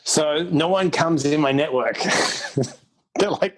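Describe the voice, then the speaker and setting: A man's voice: fairly high pitch, a bit bright. Blunt, candid man telling his story. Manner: candid, blunt, fast storytelling with acted quotes. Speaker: podcast guest. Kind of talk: casual storytelling interview.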